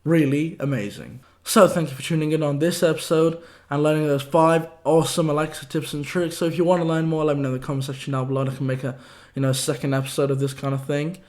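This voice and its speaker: A young man with a hoarse voice hosting a casual tech tips vlog, breezy and slangy in quick-fire delivery. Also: a little high, steady tone, a little mellow. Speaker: tech video host.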